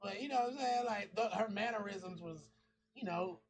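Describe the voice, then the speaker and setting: A man's voice: high-pitched, normal speed, a loud crowd. A man on a podcast in casual chat, telling stories in loose slang and laughing often. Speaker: podcast host.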